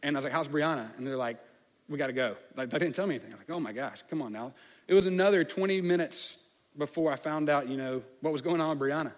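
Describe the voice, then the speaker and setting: A man's voice: fairly high pitch, quick pace. A man with a slight lisp, telling a personal story in a sermon in a candid way with many fillers. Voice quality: slight lisp on some words. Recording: long hall reverb.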